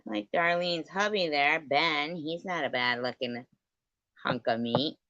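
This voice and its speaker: On a casual livestream, a woman with a deep, fairly bright voice takes her time, rambling through a sarcastic, gossipy rant laced with profanity. Her livestream setup yields a dry recording with a dull lo-fi sound.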